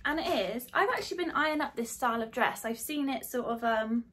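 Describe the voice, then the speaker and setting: A young woman describing dresses in a relaxed, hesitant way with many ums. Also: fairly high pitch, a little fast, background noise. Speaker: fashion vlogger. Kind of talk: casual haul chat.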